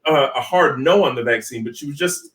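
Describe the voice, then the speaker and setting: A man speaks as a physician guest on a live call-in panel, unhurried and reflective as he tells his stories. His voice sits in the middle range. The recording is roomy, and he sounds set back from the mic. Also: medium pitch, a bit bright, distant mic. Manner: measured, reflective storytelling.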